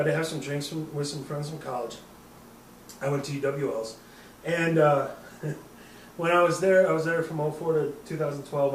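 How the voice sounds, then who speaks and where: A man's voice: fairly high pitch, a little hiss or hum. A man in his thirties from the American Midwest, hosting a podcast and telling a long, rambling, profane story with frequent laughs. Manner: rambling, profane, laughs often, puts on quoted voices. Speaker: podcast host. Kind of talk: casual storytelling. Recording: echoey room, mic at a distance.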